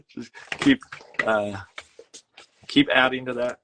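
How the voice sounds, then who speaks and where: Guy rambling through a goofy tall tale while he paints on stream, mid-pitched, lots of ums and restarts, a little faint noise behind. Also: sharp tone. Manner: halting, full of fillers and restarts. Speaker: host and illustrator. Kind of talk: casual live-stream chat while painting.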